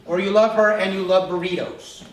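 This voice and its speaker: Man preaching, high voice, chatty and questioning, faint hiss, distant mic in a big church. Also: steady tone, moderate pace. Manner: conversational, asks the congregation questions. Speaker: pastor. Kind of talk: sermon. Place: church sanctuary. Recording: echoey church hall miked from far off.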